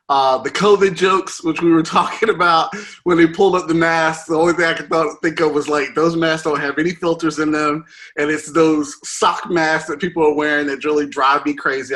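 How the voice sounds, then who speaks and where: A man's voice: a little high, sharp tone. A man hosting a podcast, chatting casually about a movie in a rambling way, with many fillers and restarts. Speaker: podcast host. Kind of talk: casual movie review chat.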